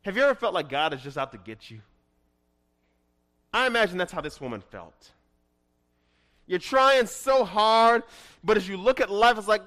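Preacher, male, high-pitched voice; builds from quiet reflection to forceful proclamation. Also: animated, normal speed, long pauses. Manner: swings from hushed to emphatic; reads scripture aloud in a dramatic way. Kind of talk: expository sermon.

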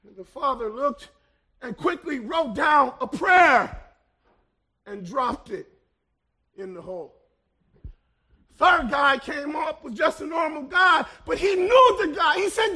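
A man preaching in an unusually high, gravelly voice, his delivery slow and deliberate. He swells into ringing shouts, then falls to near-hushed asides, with a bright, forceful edge on the loud peaks. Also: lively intonation. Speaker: pastor. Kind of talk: sermon.

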